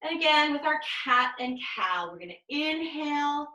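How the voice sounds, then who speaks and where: A woman leading a pilates class over a video call, giving calm step-by-step cues and counting reps. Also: high-pitched, moderate pace, echoey room, low-quality recording. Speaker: pilates instructor. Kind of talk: guided exercise class cues.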